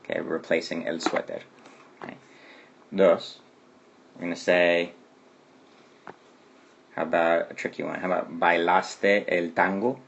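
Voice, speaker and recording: A man's voice: low-pitched, flat delivery, measured pace, creaky, long pauses, fairly bright tone, highs cut off, a little hiss or hum. A man teaching a Spanish grammar lesson who explains patiently and keeps asking "okay?" to check understanding.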